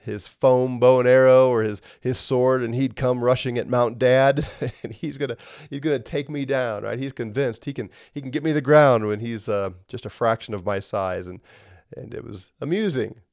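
A man's voice: medium pitch, moderate pace, a little mellow, no echo, studio quality. A man teaching a Bible lesson in a conversational way, often checking in with the listener.

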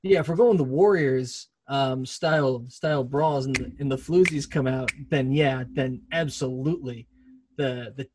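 A man co-hosting a podcast in casual chat who talks excitably, rambles and laughs often. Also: medium pitch, moderate pace, slight background noise. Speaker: podcast co-host.

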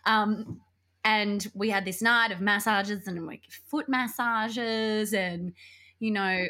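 A young adult woman, co-hosting a podcast and telling a breakup story in casual chat, animated and laughing often. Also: medium pitch, slow pace. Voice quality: animated, laughs often, acts out quoted voices. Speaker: podcast co-host.

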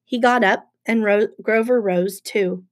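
A woman narrates a first-person novel with steady, even storytelling. Her voice sits at a middle pitch for a woman. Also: measured pace. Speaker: audiobook narrator.

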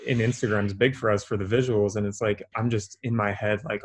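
A man's voice: mid-range voice, little pitch movement, a little fast, hardly any pauses. A man co-hosting a podcast in a casual way, peppering his talk with "like" and "you know what I mean". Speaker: podcast co-host.

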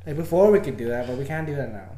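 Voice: medium pitch, animated, very fast, warm tone. A podcast co-host in casual chat, teasing their friend, laughing often and swearing freely. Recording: echoey room.

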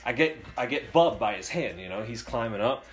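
A young man telling a long, animated story casually, laughing and swearing along the way. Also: medium pitch, brisk, soft background music. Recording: roomy echo.

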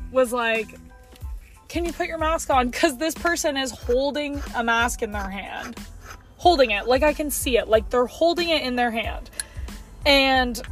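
Chatty young woman vlogging from her car. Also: high-pitched. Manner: chatty, fast, heavy use of "like". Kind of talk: casual vlog storytelling. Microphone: phone.

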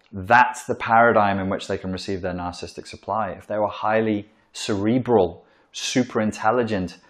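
A man giving an informal psychology lecture, blunt and profane, in a room where he writes on a board. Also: fairly low pitch. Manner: blunt and profane, acts out quoted voices.

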